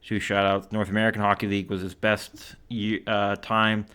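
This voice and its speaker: A man's voice: on the low side, completely flat delivery, normal speed, bright, forceful tone, smooth. A man from Canada giving casual solo commentary, reading out stats and quotes with lots of fillers. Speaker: hockey commentator.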